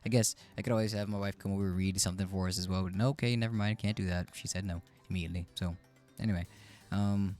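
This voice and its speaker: Brief: rambling male streamer, lowish voice, faint music underneath. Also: steady tone, quick pace, darkish tone. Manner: chatty, rambling, self-interrupting. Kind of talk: casual live-stream reaction.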